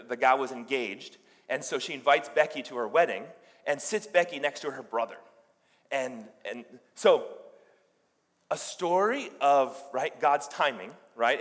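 A male pastor with a mid-range, fairly bright voice tells a story during his sermon in a conversational way, often restarting his sentences. The recording carries long reverb from a large hall.

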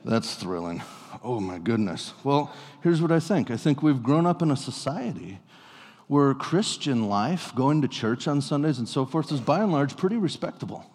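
A man preaching a sermon in a relaxed, conversational way, telling stories with playful asides to his congregation. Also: fairly high pitch, moderate pace, husky. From US Pacific Northwest. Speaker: pastor. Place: church sanctuary. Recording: long reverb of a church hall.

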